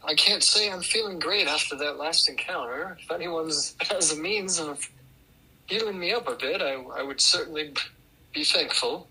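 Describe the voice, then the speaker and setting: A man's voice: on the high side, normal speed, pushed and bright, slightly rough, rough recording. A man playing a tabletop game who chats in a wry, slightly rambling way. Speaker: player. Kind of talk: casual chat at a game table.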